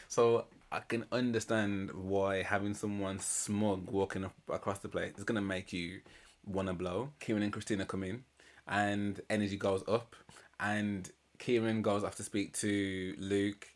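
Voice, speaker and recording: A man giving casual, slangy reaction commentary on a reality show, retelling scenes with laughs. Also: on the low side. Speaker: reaction channel host.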